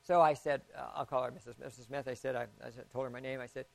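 A man, a pastor preaching a sermon in a folksy storytelling way, acting out the voices he quotes and swinging from hushed to loud. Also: medium pitch, steady tone, fast talker, vocal fry.

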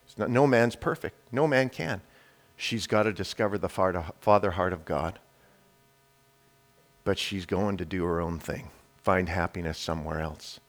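A man preaching a sermon, addressing the congregation directly and swinging between loud declarations and quiet, hushed lines. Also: on the low side.

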